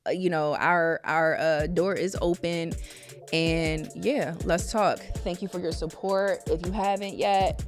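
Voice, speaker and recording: A woman's voice: lowish voice, steady tone, a little slow, faint music behind. A woman hosting a casual talk, speaking earnestly and emphatically and repeating phrases for emphasis. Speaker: host. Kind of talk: casual direct-to-camera talk.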